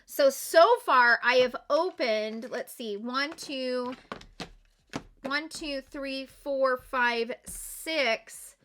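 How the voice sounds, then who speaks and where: A woman's voice: high voice, very slow, fairly bright tone, a little hiss or hum. A young adult woman, a beauty vlogger, chatting through a makeup unboxing and gushing with gasps and exclamations. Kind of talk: excited unboxing chat.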